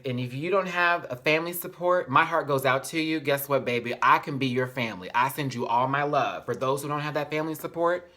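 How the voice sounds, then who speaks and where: A man's voice: mid-range voice, bright, forceful tone. A man reviewing a reality show in a casual vlog. He talks in a sassy, emphatic way, often says y'all, and speaks openly about his feelings.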